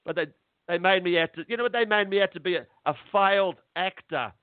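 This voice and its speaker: A middle-aged man, a guest on a phone interview, talking in an agitated, halting way and repeating words. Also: sits high, no room sound. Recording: tinny dry phone line.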